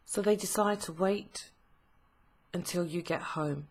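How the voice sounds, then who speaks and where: A woman giving a tarot reading, told as a slow, emotive second-person story with frequent pauses. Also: on the low side, darkish tone. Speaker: tarot reader.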